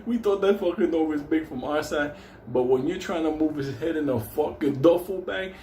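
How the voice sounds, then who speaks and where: A man tells a profane neighborhood story in a mellow, dark voice, laughing between lines. The sound is roomy and echoey, with a faint hum of ambience behind him. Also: on the high side, normal speed. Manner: animated, swearing constantly, laughing through the story. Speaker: storyteller host.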